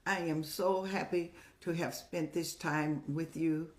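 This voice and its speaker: A woman's voice: low-pitched, steady tone, takes it slowly. Motherly older woman giving advice. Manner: motherly, preachy, addresses viewers as "child". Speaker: advice show host. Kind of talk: live-streamed advice talk.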